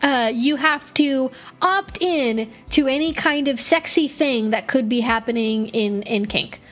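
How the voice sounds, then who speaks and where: A woman's voice: high-pitched, unhurried, fairly bright tone. A woman hosting a live-stream Q&A as a kink educator, chatty and rambling, with many fillers and short laughs.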